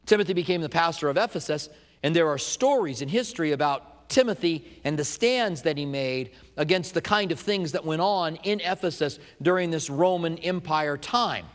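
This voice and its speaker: A man's voice: a little high, animated, moderate pace, in a large hall. A man preaching a sermon as pastor, with an emphatic, repetitive cadence.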